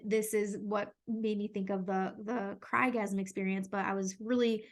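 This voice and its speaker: A woman hosting a podcast, talking frankly and openly in a casual solo monologue, often filling with "like" and "you know". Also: medium pitch. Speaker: podcast host. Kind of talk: candid solo podcast talk.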